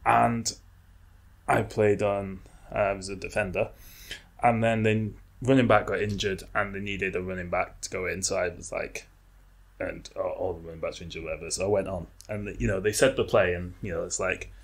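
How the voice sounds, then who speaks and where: A man co-hosting a podcast, telling relaxed stories in casual chat and acting out the quotes. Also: deep voice, normal speed, vocal fry. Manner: relaxed storyteller, acts out quotes. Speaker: podcast co-host.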